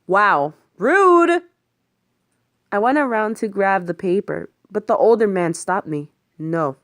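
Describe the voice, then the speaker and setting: A woman's voice: medium pitch, moderate pace, dry recording. A woman reading a first-person thriller audiobook aloud, voicing the other characters herself. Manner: lively, voices the other characters and swears in the heat of the story. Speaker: audiobook narrator. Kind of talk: first-person story narration with character voices.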